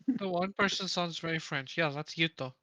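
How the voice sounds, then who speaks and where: Teasing woman, low and bright. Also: moderate pace, very noisy. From South Africa. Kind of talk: casual group chat.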